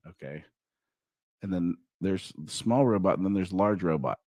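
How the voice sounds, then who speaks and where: A man hosting a podcast from a studio desk, chatting and joking in a playful, animated way. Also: fairly low pitch, moderate pace. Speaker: podcast host. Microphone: desk microphone.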